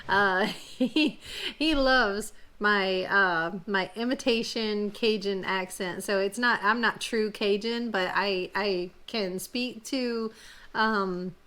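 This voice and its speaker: A woman from Louisiana, a family vlog host, chatting casually with lots of fillers and halting restarts before telling a story. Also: mid-range voice, sharp tone. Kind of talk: casual chat, then storytelling.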